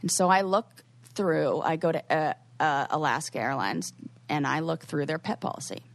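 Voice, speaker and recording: Rambling woman podcast host, lower voice. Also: normal speed, gravelly, no echo. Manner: rambling, heavy use of "like". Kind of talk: casual chat, storytelling.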